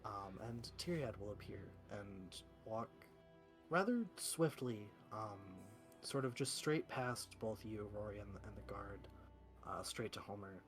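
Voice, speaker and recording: A male game master describes the scene in a fairly low voice, pausing often with ums. Faint music plays under the stream. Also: animated. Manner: hesitant, full of ums. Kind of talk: narrating a tabletop game.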